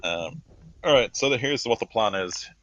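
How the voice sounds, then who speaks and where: A man narrating as game master of a tabletop role-playing game, relaxed and rambling with many fillers. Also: mid-range voice, normal speed, no room sound, highs cut off.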